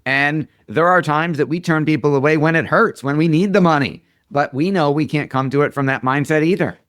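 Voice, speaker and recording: A man in his forties telling business stories in casual interview talk, slipping into other people's voices for quoted lines. His voice sits a little high for a man. The sound is dry and close. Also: a little fast, fairly bright tone, dry recording. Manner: storytelling, acts out quoted dialogue. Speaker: marketing expert guest.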